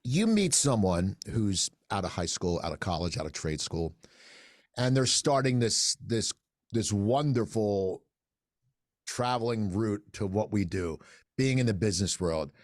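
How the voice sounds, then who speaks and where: A man's voice: lowish voice, unhurried, no room sound. A man hosting a podcast in a recording studio, chatting casually and joking with his guests. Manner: lively, jokey, mimics others. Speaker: podcast host. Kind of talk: casual interview chat.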